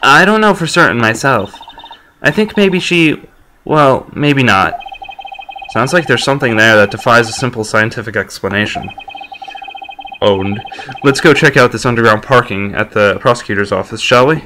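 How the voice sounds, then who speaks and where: Bubbly young science-obsessed detective girl, lively and bright, as played by a man. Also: medium pitch, moderate pace, slight background noise. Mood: wistful. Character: eager young female science-loving detective.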